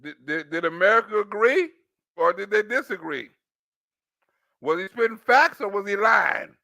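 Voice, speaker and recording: Brief: man, reaction host, very high sharp voice, mocking and laughing, dry close mic. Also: animated, moderate pace, gravelly, no room sound. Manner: mocking, laughs often, repeats words. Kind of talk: casual reaction commentary.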